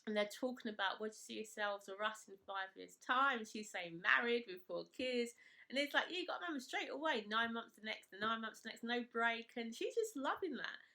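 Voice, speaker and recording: A woman's voice: a little high, lively intonation, fairly quick, bright, forceful tone. A woman vlogger chatting casually and enthusiastically as she recaps a reality show, with lots of "kind of, like" fillers.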